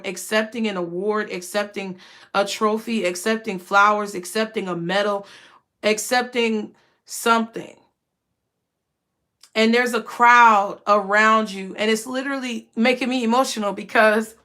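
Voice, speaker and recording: A young woman with a fairly high voice talks to her viewers in a casual spiritual reading. She gets emotional, repeats herself and keeps calling them y'all. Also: pushed and bright. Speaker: tarot reader.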